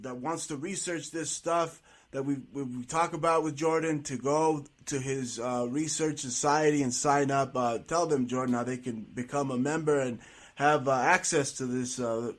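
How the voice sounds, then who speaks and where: A man's voice: medium pitch, moderate pace. A man hosting an interview, talking emphatically and filling gaps with stops and restarts. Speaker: host. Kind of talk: conversational interview.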